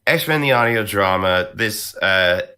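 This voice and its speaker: A man with a low voice and a slight New York accent, chatting on a podcast about his voice acting work. His tone is bright and forward. He tells his stories with animated energy. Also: takes it slowly, smooth. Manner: animated storyteller, slips into character voices. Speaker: voice actor. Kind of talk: casual podcast chat.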